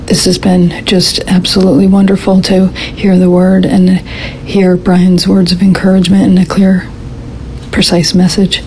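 A woman from Virginia calling in, grateful and measured as she gives thanks. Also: on the low side, monotone, warm tone, a little hiss or hum, rough recording. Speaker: caller. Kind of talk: call-in thanks and praise.

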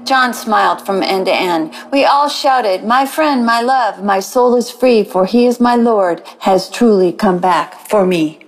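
A woman caller reading aloud her own emotional devotional poem, with slow dramatic pauses. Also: mid-range voice.

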